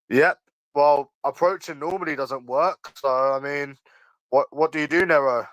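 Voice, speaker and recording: This early-twenties livestream host from London has a slightly high, fairly bright voice, steady in tone and moderate in pace. There's no echo but the audio is poor. Responding to chat, he gets defensive and argumentative, leaning on slang and repeating himself.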